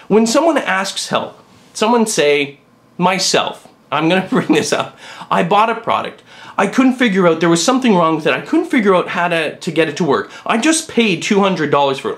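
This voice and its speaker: A man's voice: fairly high pitch, a bit bright. A middle-aged man with three sons, hosting a blunt, opinionated monologue vlog and ranting about people who lack social sense. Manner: blunt, ranting, mocks others in put-on voices. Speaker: vlog host.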